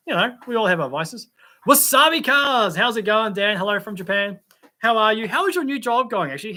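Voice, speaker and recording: A man's voice: high-pitched, bright, forceful tone. An Australian man hosting a casual livestream, reading out chat comments and telling rambling car stories in a laid-back way. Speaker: livestream host.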